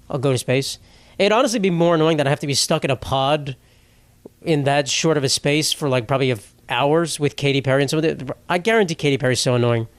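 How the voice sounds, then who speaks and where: A man's voice: a little high, dry recording. A young man hosting a solo comedy podcast, rambling and swearing as he mocks himself. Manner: profane, rambling, self-mocking. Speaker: podcast host.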